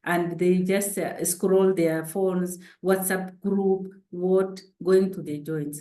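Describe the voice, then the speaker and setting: Earnest woman, parenting speaker, slow and roomy. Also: lowish voice, fairly even intonation, dark tone. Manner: earnest, exhorting. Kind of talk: panel talk.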